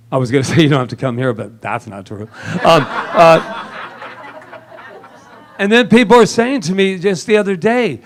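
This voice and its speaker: A man preaching a lively sermon in a church service, joking and laughing often with the congregation. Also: on the high side. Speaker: minister.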